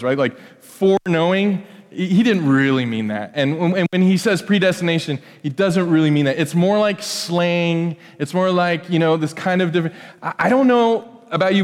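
Joking pastor preaching in a reverberant hall. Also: male voice, a little high. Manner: conversational, joking, animated with many restarts. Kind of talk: sermon. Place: church sanctuary. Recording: church hall with long reverb.

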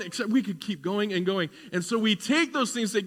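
Pastor, male, fairly high bright voice, conversational sermon that swells into fervor, hall echo. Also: brisk. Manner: conversational preaching that builds to fervent emphasis.

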